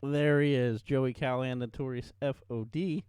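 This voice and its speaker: A man's voice: mid-range voice, fairly even intonation, normal speed, loud music behind the voice. A man hosting a podcast, joking around and reading a news item aloud in a playful tone. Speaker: podcast host. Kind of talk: casual podcast chat.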